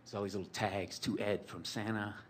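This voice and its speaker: A man's voice: lowish voice, steady tone, fairly quick, slight background noise. A man telling a long personal story in a rambling, profane, sardonic way, full of fillers like "like" and "you know". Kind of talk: storytelling monologue.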